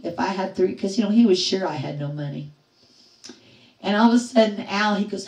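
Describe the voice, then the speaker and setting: A woman's voice: fairly low pitch, a little fast. Roomy, distant middle-aged woman storyteller. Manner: animated storyteller acting out quoted voices, laughing often. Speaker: livestream host. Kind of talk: casual storytelling to live chat.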